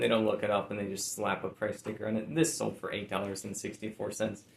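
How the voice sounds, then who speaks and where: A man with a low, gravelly voice talks in a laid-back, rambling way, full of "like" and "uh". He sounds as though he is in an echoey room, with faint background noise. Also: flat delivery, fast, hardly any pauses. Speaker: reseller showing sold items. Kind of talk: casual chat.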